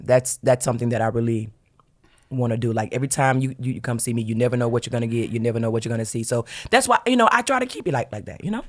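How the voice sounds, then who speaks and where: A woman stand-up comedian from Alabama, a podcast guest talking in a laid-back, chatty way and laughing easily. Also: rumbling low. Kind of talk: casual podcast chat.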